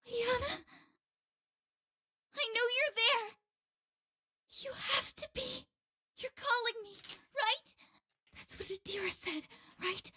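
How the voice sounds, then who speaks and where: A woman voicing a young girl in a game who desperately searches for a lost friend, pleading and slipping into breathy whispers. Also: fairly even intonation, slow pace, long pauses, bright, forceful tone, exaggerated voice. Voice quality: high childlike voice. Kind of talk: game voice acting.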